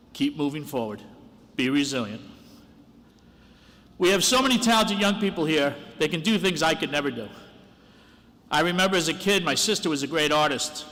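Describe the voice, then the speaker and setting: Man, school dean, bright voice, earnest commencement address in a reverberant hall. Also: a little high. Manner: earnest, encouraging, self-deprecating. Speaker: dean of the senior class. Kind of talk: graduation speech.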